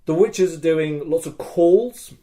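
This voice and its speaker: A man co-hosting a podcast, telling a story in a casual, excitable way, swearing often and acting out other people's lines. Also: on the high side, takes it slowly. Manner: swears a lot, animated retelling with quoted voices. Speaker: podcast co-host.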